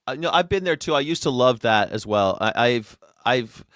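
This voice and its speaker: A man hosting a live call-in show, rambling and excitable, swearing freely as he talks. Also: medium pitch, normal speed, no room sound, clean studio sound. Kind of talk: casual call-in chat.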